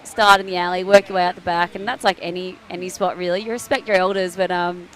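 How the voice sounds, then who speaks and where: A young Australian woman, a surfer, chatting casually on a live broadcast, telling stories with lively acted-out quotes and laughter. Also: lowish voice, quick pace. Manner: bubbly storyteller, acts out quoted voices, laughs often. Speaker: surfer commentator. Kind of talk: casual chat. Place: outdoors at a beach event.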